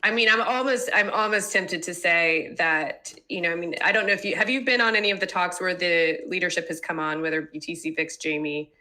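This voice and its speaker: A woman's voice: on the low side, brisk, few pauses, sharp tone. A woman hosting a podcast, chatting casually with lots of fillers and hedges. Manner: filler-heavy, hedging. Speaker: podcast host.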